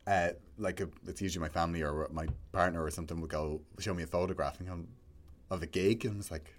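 A man's voice: sits low, steady tone, fast, slight background noise. A man hosting a podcast, chatting easily with short encouraging replies. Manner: easygoing, brief encouraging replies. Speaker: podcast host. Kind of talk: casual chat.

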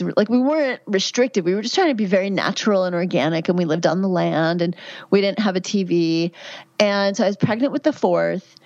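A middle-aged woman with a lowish voice talks in an earnest, chatty way, full of fillers and restarts. The recording is dry and slightly dull, with a lo-fi edge. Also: a little mellow, no echo. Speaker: midwife and guest. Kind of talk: conversational interview answers.

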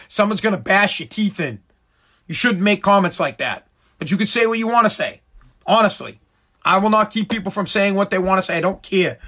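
Radio guy going off in a casual rant, high bright voice, swears a lot. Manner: animated and emphatic, swears freely. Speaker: radio personality.

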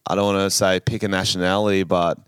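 Smooth-voiced laid-back male podcast host. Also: sits low, little pitch movement, fast talker, dry recording, studio quality. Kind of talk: casual chat.

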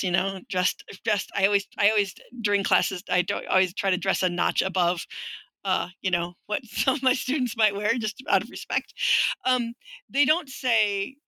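A middle-aged woman talks as a guest in an interview, her voice bright and sharp. She tells her stories frankly and with dry wit. The sound is close and dry, with no room around it. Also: medium pitch, moderate pace, no echo, poor audio. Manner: frank, wry storytelling that acts out quoted voices. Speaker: guest, linguistics professor. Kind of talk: conversational interview.

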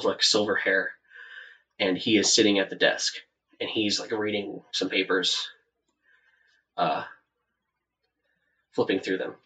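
A soft-spoken man narrates a tabletop game as game master. His voice sits on the low side, and he wanders through the story. The mic catches him from a little way off. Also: distant mic, rough recording. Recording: voice set back from the mic.

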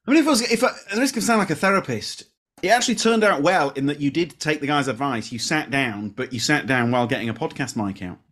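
A man hosting a podcast, chatty, quick to laugh and self-deprecating. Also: a little high, expressive, a bit bright. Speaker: podcast host. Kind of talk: casual podcast interview.

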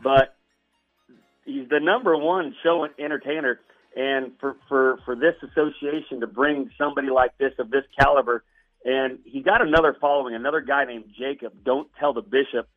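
A man's voice: mid-range voice, fairly even intonation, normal speed, faint music behind. A man calling in by phone, a rodeo announcer, talking like a hyped-up showman. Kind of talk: phone interview. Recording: dull phone-line audio.

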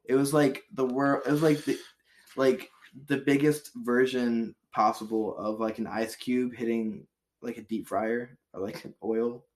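A man's voice: mid-range voice, steady tone, unhurried. A man co-hosting a casual podcast, reading out history facts in a loose, joking way with frequent laughs and swearing. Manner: laid-back, reads date facts, swears, laughs often. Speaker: podcast co-host.

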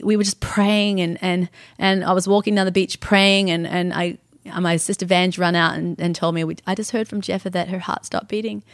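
A woman telling an emotional personal story on a podcast, animated, with her voice climbing high when she quotes others. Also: dry recording, clean studio sound.

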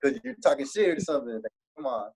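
A young man from Laredo talks in a relaxed, husky voice with a Texas border Mexican-American accent. He speaks as a rapper being interviewed, sliding between English and Spanish. His pitch sits in an ordinary middle range. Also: fast, poor audio. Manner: laid-back, switches between English and Spanish. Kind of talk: casual interview chat.

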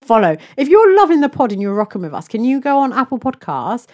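A woman's voice: on the high side, sing-song, quick pace, darkish tone. A young woman co-hosting a podcast in casual chat, talkative, laughing often and stretching words for emphasis. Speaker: podcast co-host.

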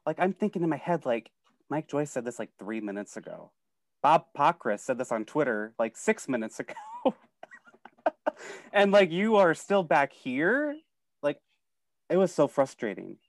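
A man's voice: a little high, normal speed, long pauses, dry recording, studio quality. A man co-hosting a podcast, ranting casually with lots of "like". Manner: animated, frustrated ranting with frequent "like". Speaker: podcast co-host. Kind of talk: casual chat.

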